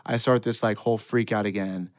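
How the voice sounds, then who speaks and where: A man's voice: fairly low pitch, steady tone, a little fast, no room sound, clean studio sound. A man telling a long, self-deprecating funny story in casual chat. He rambles and laughs often.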